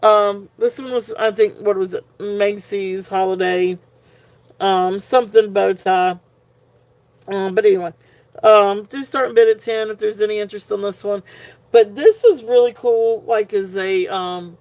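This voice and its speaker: A woman's voice: mid-range voice, steady tone, normal speed, darkish tone. A woman hosting a live jewelry sale in casual chat, tired and punch drunk, giggling often as she talks. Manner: giggly, laughs often while talking.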